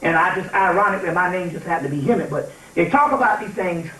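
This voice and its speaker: A man giving an informal spiritual lecture to a live audience, animated and emphatic, often checking in with his listeners. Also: sits high, fast. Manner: animated and emphatic, often asks "you see what I'm saying?". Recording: echoey room, taped from far off.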